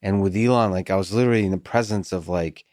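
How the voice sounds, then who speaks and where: A man hosting a podcast, speaking in a measured, thoughtful way with pauses and fillers. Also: deep voice, a little mellow, no echo, studio quality. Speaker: podcast host. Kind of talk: casual conversation.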